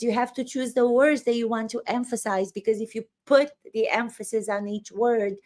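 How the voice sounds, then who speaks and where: A woman acting teacher commenting on court footage, stressing words emphatically as she talks. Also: on the high side.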